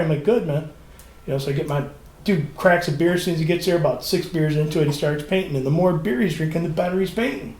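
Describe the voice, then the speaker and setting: A man's voice: fairly high pitch, brisk, reverberant. A man in casual podcast chat, telling a story and acting out the people in it. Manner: storytelling, animated quoting of others. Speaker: podcast co-host.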